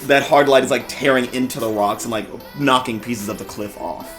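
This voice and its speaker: A game master narrating a tabletop role-play game in a relaxed, casual way, full of ums and likes. Faint music plays in the background. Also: medium pitch, fairly quick. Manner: casual, hesitant narration with many fillers.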